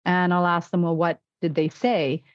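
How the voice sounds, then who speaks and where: A woman's voice: lowish voice, level tone, normal speed, dry recording, muffled recording. A woman physician and wellness coach in a podcast interview, telling stories and acting out quoted dialogue.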